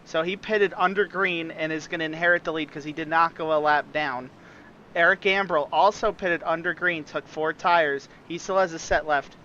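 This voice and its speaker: A man's voice: a little high, sharp tone, a little hiss or hum. A man reporting from the pits on a sim racing broadcast, giving a methodical strategy rundown. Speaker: pit reporter. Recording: dull, lo-fi mic.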